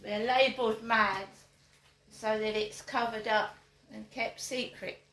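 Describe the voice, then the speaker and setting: Older woman, slow deliberate delivery, fairly high voice, echoey room. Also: fairly even intonation, a bit bright. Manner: emphatic, repeats her points as rhetorical questions. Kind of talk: direct-to-camera monologue.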